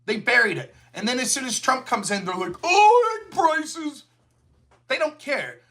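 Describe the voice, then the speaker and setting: A man's voice: very high voice, animated, fairly quick, gravelly, bright, forceful tone. A man hosting a livestreamed political commentary show, talking in a heated, sarcastic way. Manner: sarcastic, heated, slips into mocking voices.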